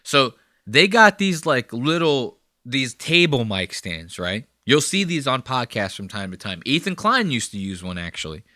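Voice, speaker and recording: A man's voice: mid-range voice, sing-song, moderate pace, bright, forceful tone, no echo. A man hosting a podcast, riffing crude and profane comedic commentary in a rambling, conversational way on a close mic. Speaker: podcast host.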